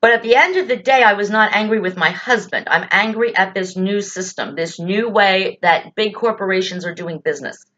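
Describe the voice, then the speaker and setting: A woman's voice: medium pitch, normal speed, few pauses, fairly bright tone, muffled recording. A woman giving indignant political commentary in a blunt, exasperated way, full of rhetorical questions and swearing. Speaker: political vlogger.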